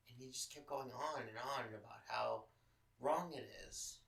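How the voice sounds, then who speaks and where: A podcast host tells a personal story in a frank, swear-filled casual style. His voice is bright and forceful. He sits back from the microphone in an echoey room. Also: medium pitch, moderate pace, vocal fry, far from the mic. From Los Angeles. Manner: profane, candid, emotional storytelling.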